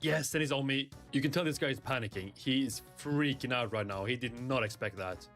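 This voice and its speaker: A young man giving live commentary on his own gameplay, excitable and pleading with the game. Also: medium pitch, fairly quick, faint music behind. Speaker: gaming streamer.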